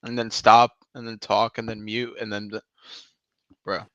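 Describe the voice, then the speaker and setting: A man's voice: on the low side, level tone, moderate pace, a bit bright, dry recording. A man in his twenties chatting casually on a live voice call, rambling in slang with lots of "like" and "bro". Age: 20s. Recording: dull lo-fi mic.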